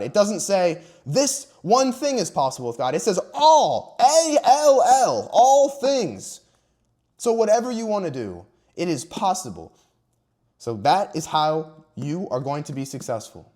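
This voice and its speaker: A man's voice: mid-range voice, a little mellow. A young man giving an earnest, emphatic motivational talk about faith to camera. He stresses and stretches key words and at times sounds emotional. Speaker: Christian motivational vlogger.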